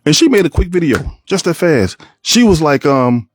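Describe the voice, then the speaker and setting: A man hosting a solo podcast, talking to his viewers in an animated, rambling way and acting out the people he quotes. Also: a little high, moderate pace, no echo, studio quality. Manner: animated, plays out quoted voices, rambling restarts. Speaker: podcast host. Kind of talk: solo opinion talk to viewers.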